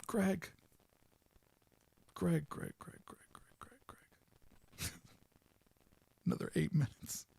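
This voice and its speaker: Podcast host, man, fairly high gravelly voice, dry close sound, chatty and quick to laugh. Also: wildly swooping pitch, darkish tone, no echo, in a whisper. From Southern California. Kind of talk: casual commentary.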